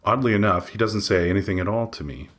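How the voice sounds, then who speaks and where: A man reading his own memoir aloud in first person, measured, matter-of-fact and wry. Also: on the low side, a bit bright. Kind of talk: first-person audiobook narration.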